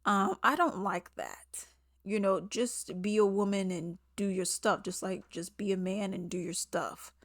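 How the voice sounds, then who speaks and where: A woman giving a casual spoken movie review, animated and quick to mimic people in quotes, laughing often. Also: medium pitch, no room sound, studio quality.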